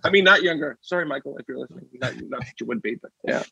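A man's voice: medium pitch, lively intonation, very fast, gravelly, bright, forceful tone, husky, dry recording, highs cut off. A man, a working actor, talking as a guest in a casual interview, enthusiastic and a bit rambling.

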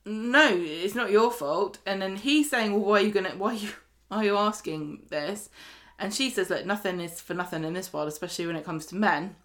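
A woman's voice: mid-range voice, fast, few pauses. A British woman co-hosting a podcast, chattily retelling scenes and quoting characters, with easy laughter. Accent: British English. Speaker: podcast co-host. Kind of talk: casual recap chat.

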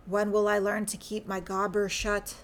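A woman voicing a gruff, grumbling Scottish man adrift in a story, with a Scottish accent and self-mocking mutter. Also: medium pitch, completely flat delivery, normal speed, slight background noise, close to an everyday voice. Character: gruff Scottish male sea detective, grumbling. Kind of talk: audiobook character reading.

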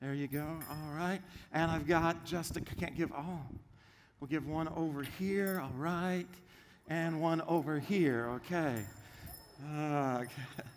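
A male pastor preaching a sermon to a congregation, lively and drawing the crowd into call-and-response. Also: fairly high pitch, takes it slowly, long reverb tail, slight background noise. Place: church auditorium with congregation.

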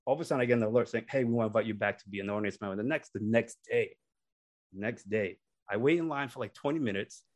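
A young man casually telling embarrassing stories on a podcast, animated and acting out the people in them. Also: lowish voice, fast. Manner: animated, acts out voices in his stories. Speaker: podcast co-host. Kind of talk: casual storytelling.

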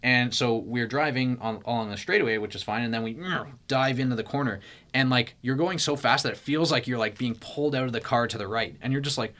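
A young man telling a story in casual chat, animated and full of "like" fillers, acting out his own panic. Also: mid-range voice, brisk.

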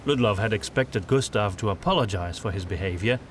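A man narrating an audiobook in a steady, lively reading style. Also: fairly low pitch, fairly quick, a little hiss or hum.

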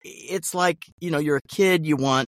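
A man's voice: on the high side, moderate pace, fairly bright tone, dry recording, clean studio sound. Blunt, profane man in casual chat. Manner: blunt, profane, sardonic ranting. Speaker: guest voice actor.

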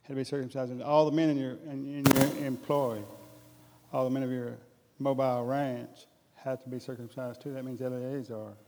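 A man's voice: medium pitch, level tone, normal speed, dark tone, in a large hall, a little hiss or hum. A man preaching a humorous sermon in a folksy, jokey way. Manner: folksy, jokey, addresses crowd as guys.

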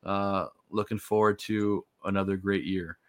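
A man's voice: low voice, steady tone, a little slow. A man in his thirties casually hosting a sports podcast, easygoing and rambling with lots of fillers. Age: 30s. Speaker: podcast host.

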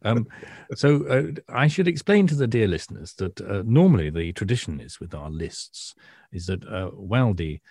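Low husky british guy, mellow tone, kinda rambly and self-deprecating about art. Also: animated, moderate pace, dry recording, studio quality. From Britain. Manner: self-deprecating, hesitant with many uhs. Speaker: podcast co-host, art historian. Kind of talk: casual chat.

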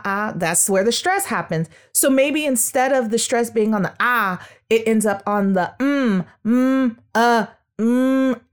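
A woman with a somewhat high voice explains early speech development in a lively podcast lesson. She sounds out syllables to demonstrate and speaks warmly and directly to her listeners, calling them by pet names. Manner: calls listeners sugars and world changers. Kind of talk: educational podcast talk.

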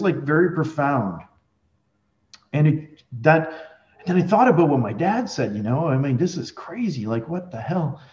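A man's voice: medium pitch, darkish tone. A man, a guest on a podcast, telling a long rambling story in a casual way, with many restarts and fillers. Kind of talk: conversational storytelling. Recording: roomy, dull lo-fi audio.

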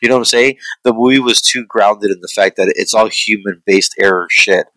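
A man in a casual chat about a film, talking in a rambling, profane, animated way. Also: on the low side, a little fast, dry recording, low-quality recording. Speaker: podcast co-host reviewing a film.

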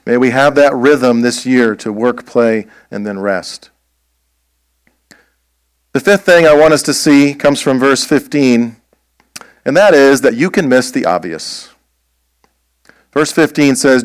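Male pastor, mid-pitched voice, deliberate emphatic sermon delivery, dry close sound. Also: lively intonation, smooth, no room sound. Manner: deliberate, emphatic preaching with rhetorical questions.

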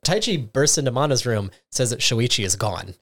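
Animated host narrating a recap. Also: medium pitch, normal speed. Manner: animated storytelling, acting out lines. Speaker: podcast host. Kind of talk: casual chat recapping a show.

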